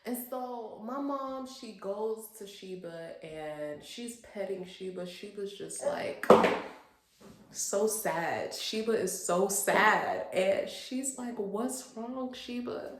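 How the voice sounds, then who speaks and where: A woman in her late twenties from a Haitian family, telling a personal story in an animated, expressive storytime vlog. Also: mid-range voice, takes it slowly. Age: late 20s. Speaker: vlogger. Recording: roomy echo.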